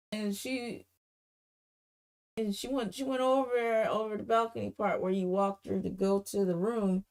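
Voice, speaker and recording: A woman's voice: medium pitch, clean tone. A woman hosting a livestream, telling a casual, rambling story and repeating phrases for emphasis. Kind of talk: casual storytime while drawing.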